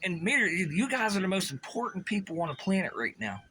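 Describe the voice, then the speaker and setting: A man's voice: high voice, very animated, fast talker, pushed and bright, a little hiss or hum. A man from the Pittsburgh area, delivering an agitated, sarcastic, profane rant and stumbling over his restarts. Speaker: vlogger.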